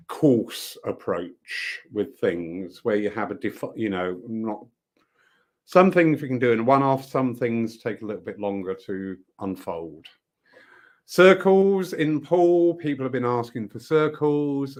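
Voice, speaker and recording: A man giving a rambling, enthusiastic live update to viewers about upcoming events at his centre. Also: medium pitch. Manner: warm, rambling, enthusiastic with frequent laughs. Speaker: spiritualist centre organiser.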